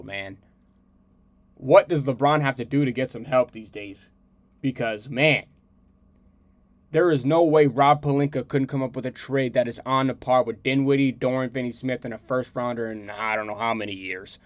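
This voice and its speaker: A man's voice: medium pitch, unhurried, dry recording. A man hosting a podcast, giving casual sports commentary in a slangy, repetitive, heated way. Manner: repeats himself, slangy and animated, heated rants. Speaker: podcast host.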